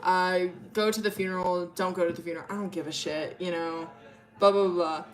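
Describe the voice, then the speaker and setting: A woman voicing a cold, contemptuous schemer who speaks slowly and dismissively. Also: lowish voice, steady tone, faint music behind, natural voice. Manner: slow, sneering, dismissive.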